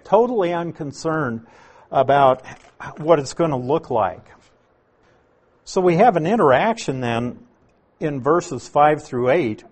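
A man's voice: on the high side, lively intonation, takes it slowly, long pauses. A man preaching a conversational expository sermon, explaining Greek words with asides to the listeners. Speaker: pastor.

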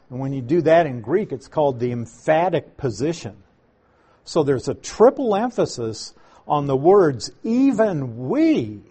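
A male Bible teacher working through a passage with measured, deliberate delivery. His voice is somewhat husky and sits at an ordinary middle pitch. He takes his time, pausing to stress each key word. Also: warm tone.

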